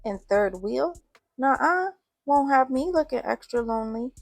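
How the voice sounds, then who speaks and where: A woman playing a loud sassy teen girl. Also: sits high, lively intonation, measured pace, vocal fry, no room sound, soft background music, voice pushed up, exaggerated voice. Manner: brash, loud slangy ribbing.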